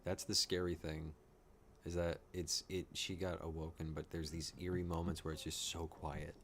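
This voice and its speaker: A man giving rambling, excitable live reaction commentary, swearing and laughing often. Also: sits low, normal speed, slight background noise. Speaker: reaction streamer.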